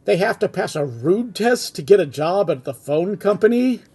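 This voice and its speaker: Grouchy green Grinch, read by a man, raised pitch, husky edge, short-tempered. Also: expressive, normal speed, darkish tone. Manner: exasperated, grouchy outbursts. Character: grumpy impatient green male Grinch. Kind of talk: comic script reading.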